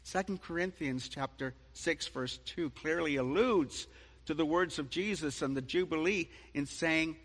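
Slow bright-voiced preacher in a hall. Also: male voice, a little high. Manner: dramatic, swings from soft to loud. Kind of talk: sermon. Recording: long hall reverb.

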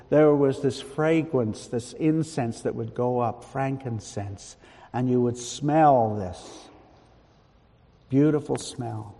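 A man preaching a sermon in a large church hall, measured and emphatic, with long pauses. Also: medium pitch, mellow.

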